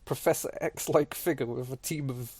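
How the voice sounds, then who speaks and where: Gravelly-voiced man, sweary podcast chat. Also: medium pitch, moderate pace, crowd noise. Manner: casual and sweary, chatty. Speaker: podcast co-host. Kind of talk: casual chat.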